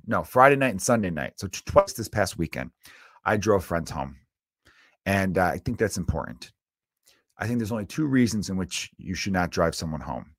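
A man in his thirties, a comedian hosting his own podcast, delivering an animated, self-mocking solo rant. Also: deep voice, moderate pace, no room sound, studio quality.

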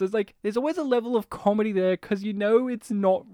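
A man in casual chat, talking fast and animatedly, laughing often and swearing casually. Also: high voice, dark tone, no room sound, studio quality. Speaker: podcast co-host discussing a film.

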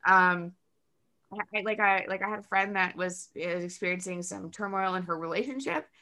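Bright-voiced chatty woman on a podcast. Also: mid-range voice, moderate pace. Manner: chatty, acts out quotes in lively voices; many "like" fillers. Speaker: podcast guest. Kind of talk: casual podcast conversation.

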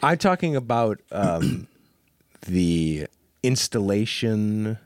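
A man co-hosting a casual car podcast, rambling in an animated way and often restarting his sentences. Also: lowish voice, slow pace, no echo. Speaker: podcast co-host.

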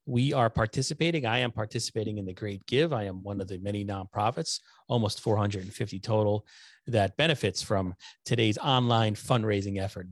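A middle-aged man hosting a casual livestream from home, rambling and joking at his own expense, a little hoarse from talking. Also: on the low side, no echo, clean studio sound. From Connecticut. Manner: rambling, self-deprecating, joking. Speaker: host of a nonprofit news livestream. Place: home room lit with LED lights. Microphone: desktop microphone.

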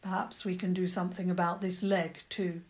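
A kind, gentle Tudor priest, voiced by a woman reading a storybook. He speaks gravely and without hurry, softly and warmly. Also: lowish voice, level tone, moderate pace, close to an everyday voice.

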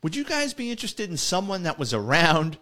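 A man voicing a smooth-talking, heavyset male car thief with a wheedling, ingratiating manner. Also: high voice, very animated, fairly quick, bright, forceful tone, pitched above the performer's own voice, full character voice. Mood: sly.

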